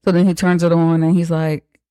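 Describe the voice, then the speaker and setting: A podcast host giving a casual, profane, joking recap of a movie, acting out characters' lines in quick asides. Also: mid-range voice, little pitch movement, dark tone, clean tone, no room sound.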